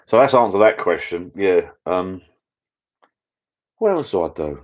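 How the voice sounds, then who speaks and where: Chatty low-voiced man rambling. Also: measured pace. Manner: chatty, rambling, easily excited. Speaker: channel host. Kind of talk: casual live chat with viewers. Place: backyard pub shed. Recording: dull lo-fi sound.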